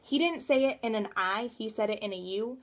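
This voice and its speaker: A woman in her thirties, a coach and realtor, talks through a personal motivational vlog in a fairly quick, higher-pitched voice. She's emphatic, repeating words for stress.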